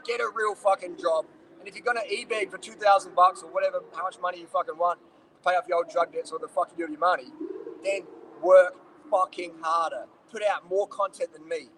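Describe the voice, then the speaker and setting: A high-voiced man fires off blunt, swearing answers to viewer questions. He rants with plenty of profanity, and faint background noise sits behind him. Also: steady tone, a little fast, fairly bright tone, rough recording. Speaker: cycling vlogger.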